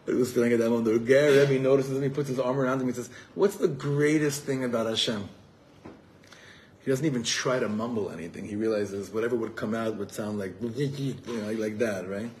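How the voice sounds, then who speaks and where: Guy, a rabbi telling stories in a sermon, acts out the voices, mid pitch, bit of hiss behind. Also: fast talker, hardly any pauses. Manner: animated storyteller acting out quoted voices. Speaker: rabbi teaching a gathering. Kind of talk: storytelling sermon. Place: evening gathering in a room.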